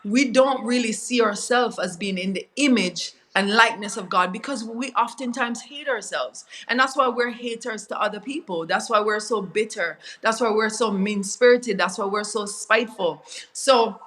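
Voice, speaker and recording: A woman with a Jamaican accent speaks as an interview guest, sharing an earnest and confessional faith testimony. Her voice sounds bright and forward, and now and then she slides into patois. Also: a little high, normal speed, rough recording.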